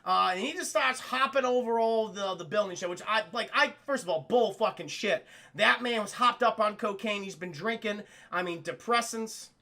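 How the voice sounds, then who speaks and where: A man streaming a loose, profane film recap, animated and talking straight to his chat. His voice is bright and forceful, with a gravelly edge. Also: high-pitched, normal speed, few pauses. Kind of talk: casual, profane scene-by-scene recap.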